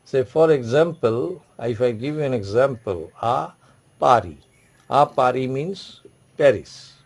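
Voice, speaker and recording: A man's voice: medium pitch, animated, a little slow, a little mellow. Man teaching a French class. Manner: repetitive, instructive, frequent "okay" and "say". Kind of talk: classroom language lesson.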